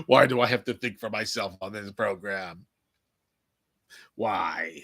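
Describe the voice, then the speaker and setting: A man's voice: fairly low pitch, steady tone, takes it slowly, long pauses, a bit bright, husky, no room sound. A man hosting a casual solo podcast, rambling and joking with plenty of swearing, talking to listeners who aren't there. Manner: profane, jokey, talks to imagined listeners. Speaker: podcast host.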